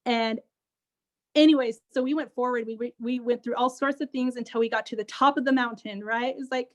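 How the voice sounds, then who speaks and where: A woman, a social worker, telling a personal story as an interview guest in an animated, conversational way. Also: on the high side, brisk. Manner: animated, acts out others' speech.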